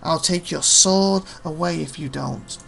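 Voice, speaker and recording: A man voicing a brash soldier captain while reading game dialogue aloud, scolding and rough. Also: fairly high pitch, unhurried, fairly bright tone, exaggerated voice. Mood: gruff.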